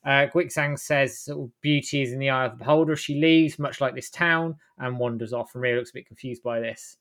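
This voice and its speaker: A man's voice: medium pitch, fairly even intonation, brisk, fairly bright tone. Casual man recapping a story. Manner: rambling, self-correcting plot retelling. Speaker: host recapping a game. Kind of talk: casual chat.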